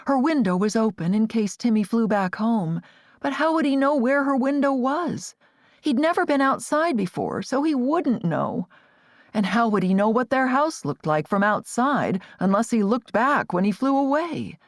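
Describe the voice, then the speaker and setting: A woman narrating an audiobook in an expressive, varied read. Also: fairly high pitch, moderate pace, dry recording, clean studio sound.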